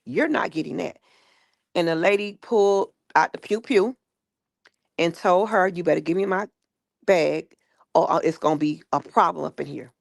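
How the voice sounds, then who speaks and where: A woman tells a story in a casual, chatty way, jumping into the voices of the people she quotes. Her voice sits on the low side and has a gravelly edge. The sound is dry and close. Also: moderate pace, pauses often, dry recording. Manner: animated retelling with quoted voices. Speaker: guest recounting stories.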